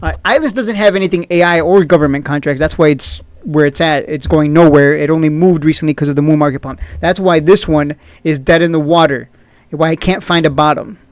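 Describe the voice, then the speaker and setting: A man hosting his own stock video in a casual, blunt and opinionated way, sarcastic and quick to laugh at his critics. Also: on the high side, clean tone, no echo. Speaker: stock market video host. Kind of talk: casual trading commentary.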